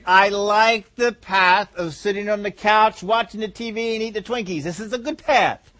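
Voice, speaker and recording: Man putting on a whiny rebellious lazy body. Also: moderate pace. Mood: whining. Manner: pleading, complaining, higher and louder than his own voice. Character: whiny stubborn human body, lazy, couch-loving.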